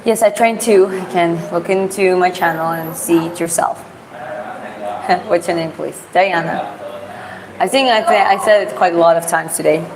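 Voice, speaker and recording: A woman vlogger from Georgia walks city streets on a live stream, casually responding to viewers' questions in rambling English padded with fillers, spoken with a Georgian accent as a non-native. She has a lowish voice and a measured pace. Crowd noise fills the low-quality recording.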